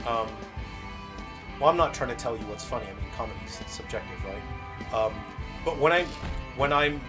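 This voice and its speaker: A man, a game developer, chatting casually while he plays a game on a livestream and answers viewer questions aloud. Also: mid-range voice. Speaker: game developer hosting a launch stream. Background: faint game music.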